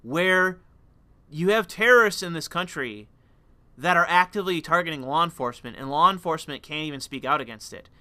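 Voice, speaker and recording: A man's voice: on the high side, lively intonation, a little fast, pushed and bright, smooth, dry recording. A man hosting a political commentary show, talking in a heated, profane, rambling way with many fillers. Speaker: commentary channel host.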